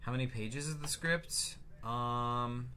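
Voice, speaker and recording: Rambling bright-voiced man streaming. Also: medium pitch, slow pace, slight background noise. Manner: rambling, lots of fillers, reads chat aloud. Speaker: streamer showing his game. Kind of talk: casual livestream commentary.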